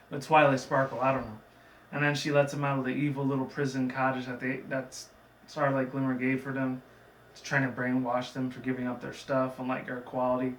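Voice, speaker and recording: A man's voice: mid-range voice, monotone, a little fast. Man, casual cartoon recap, chatty and rambling, roomy sound, distant mic, faint noise. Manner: chatty, digressive, with frequent fillers and laughs. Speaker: cartoon episode reviewer.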